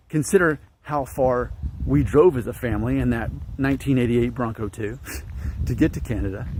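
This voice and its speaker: A man's voice: mid-range voice, a little mellow, a little hiss or hum. A man in his late thirties from northern Alabama, talking through his thoughts in a casual, musing monologue for his viewers. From northern Alabama, United States. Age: late 30s. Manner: musing, repeats himself, trails off. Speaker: vlogger.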